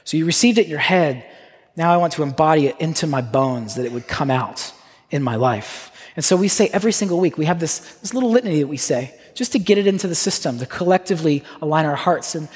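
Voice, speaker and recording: A man preaching as pastor and leading communion. He speaks earnestly, with slow repeated refrains and livelier asides. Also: a little high, animated, husky. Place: church sanctuary. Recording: reverberant church hall, soft guitar.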